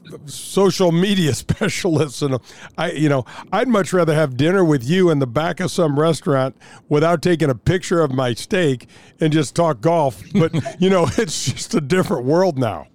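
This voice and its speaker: A man's voice: a little high, moderate pace, a little mellow, no echo. An older man co-hosting a golf podcast, chatting in an easygoing way with light chuckles. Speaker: podcast co-host. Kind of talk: casual chat.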